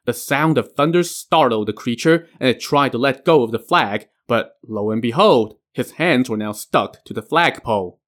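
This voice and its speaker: A man's voice: mid-range voice, animated, moderate pace, hardly any pauses, a bit bright. A man hosting a podcast, retelling a legend with casual asides. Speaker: podcast host. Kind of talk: storytelling narration.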